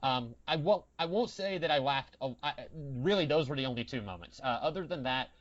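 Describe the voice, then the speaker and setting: Co-hosting a podcast, a man with a medium-pitched voice talks fairly quickly with lively intonation, his casual chat dry, wry and rambling. The recording sounds dull and lo-fi.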